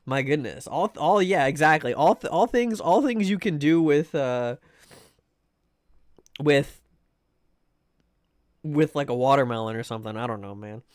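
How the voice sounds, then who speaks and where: A man's voice: on the high side, expressive, a little slow, pauses often, dry recording, studio quality. A man streaming live, chatting casually with viewers in a rambling way, full of fillers and restarts. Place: home room.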